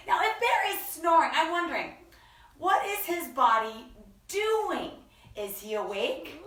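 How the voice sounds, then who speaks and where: A woman hosting a children's story time, reading slowly in a playful sing-song and stretching out her words. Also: high-pitched, big pitch swings, fairly bright tone, recorded from a distance. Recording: echoey room, voice from off-mic.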